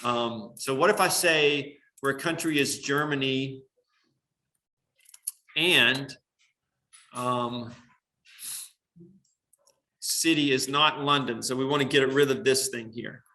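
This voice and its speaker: A man's voice: mid-range voice, slow, pauses often, bright, forceful tone. A male computer science teacher explaining a coding demo to his class step by step, with frequent "um" and "right?" checks. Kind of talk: classroom lesson on screen.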